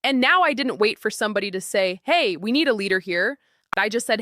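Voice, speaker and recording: Woman, motivational talk, lively storytelling, bright tone, dry close sound. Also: medium pitch, a little fast, no room sound. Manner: animated, acts out quotes and stories.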